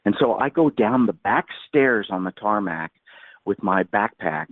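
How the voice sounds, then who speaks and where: A man's voice: lowish voice, animated, measured pace, no echo. A man in his sixties, a podcast guest, telling a long story in a rambling, vivid way and acting out the quotes. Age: 60s. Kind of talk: anecdotal storytelling in a podcast interview. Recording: tinny phone-like line.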